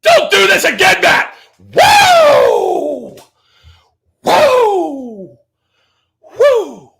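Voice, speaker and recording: A brash, boastful wrestling-promo ranter, bellowing and whooping with a gravelly roar. The voice sits very high and strained, with a bright, sharp edge and swooping, animated pitch. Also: male voice, unhurried, full character voice. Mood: triumphant. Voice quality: gravelly shouting. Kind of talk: comic impression rant.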